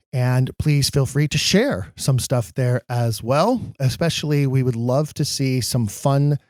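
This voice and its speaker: A male podcast host wrapping up an episode with cheerful, lively announcements. His voice sits at a middle pitch and is recorded close and dry, with no room sound. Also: no room sound. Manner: upbeat, promotional, lively delivery.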